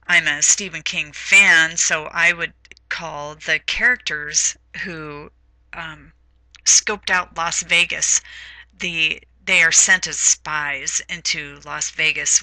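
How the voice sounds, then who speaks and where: Slow, gravelly-voiced woman teaching literature. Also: low-pitched, sharp tone, dry recording, rough recording. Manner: hesitant, many fillers. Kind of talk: recorded lecture.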